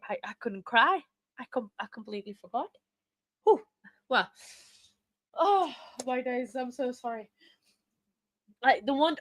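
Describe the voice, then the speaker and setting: A woman hosting a casual livestream, tearful and laughing as she thanks her viewers, halting and repeating herself. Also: sits high, no echo. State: crying. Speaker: livestream host.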